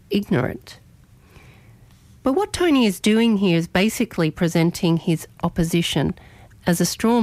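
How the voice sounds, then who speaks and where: A woman's voice: lowish voice, dry recording. A woman hosting morning radio, delivering an argumentative opinion editorial and leaning on key words. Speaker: radio host.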